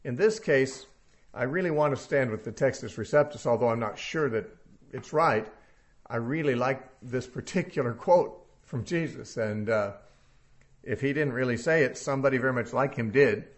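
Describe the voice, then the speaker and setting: Male Bible teacher, verse-by-verse teaching, casual, thinking aloud, many fillers, mid-pitched. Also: moderate pace.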